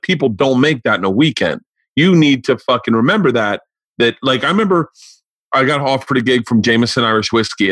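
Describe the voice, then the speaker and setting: A comedian in his forties hosts a casual podcast chat, swearing freely as he spins animated stories. His voice sits at an ordinary middle pitch. The sound is close and dry, with no room around it. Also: dry recording. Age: 40s. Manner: profane, animated storyteller.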